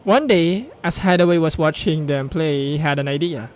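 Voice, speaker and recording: Young Filipino-accented man, lively let's-play host, higher voice, reading game text aloud. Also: normal speed. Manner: excitable, reads on-screen story text aloud, mixes in Tagalog asides. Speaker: gaming YouTuber.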